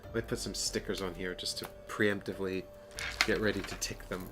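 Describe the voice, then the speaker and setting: Low-voiced man streaming a board game. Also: fairly even intonation, a little fast, over loud music. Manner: chatty, self-deprecating, rambling. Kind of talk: casual live-stream chat and reading game text.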